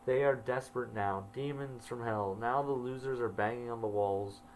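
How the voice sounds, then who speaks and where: A man's voice: medium pitch, normal speed, a little hiss or hum, rough recording. A man telling his own story, reading his old journal entries aloud and adding wry asides. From Canada.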